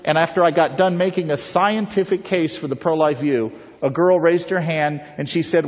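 A man's voice: a little high, normal speed, few pauses. A man giving a persuasive public talk, telling stories and putting rhetorical questions to his audience. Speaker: pro-life speaker. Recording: reverberant, dull lo-fi hall recording.

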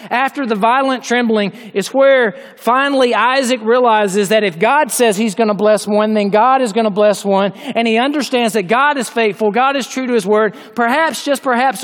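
A man preaching a sermon in a large hall, reading scripture aloud and explaining it with emphatic, drawn-out delivery. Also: high voice, a bit bright. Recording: long hall reverb.

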